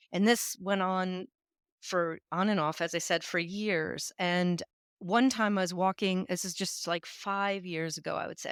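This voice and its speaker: A woman's voice: on the low side, clean tone, no echo, clean studio sound. A woman in her fifties from New England, a podcast guest telling her story in a candid, chatty way with many asides. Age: 50s. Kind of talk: conversational storytelling.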